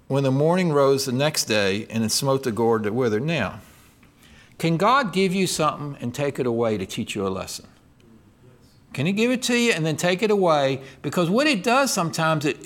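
A middle-aged male pastor preaching a sermon, reading scripture aloud and asking his listeners questions. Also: a little high. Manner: expressive preaching, voicing scripture and God's lines, asks the congregation questions.

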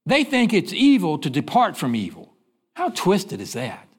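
Man preaching, high voice, very lively swings, call-and-response questions, sermon style. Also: normal speed, slightly rough. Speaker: pastor.

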